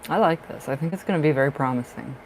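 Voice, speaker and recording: A man doing tarot readings on a live stream, chatting casually and warmly to viewers, calling them darling and love and laughing often. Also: a little high, quick pace, slight background noise, poor audio. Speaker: livestream tarot reader.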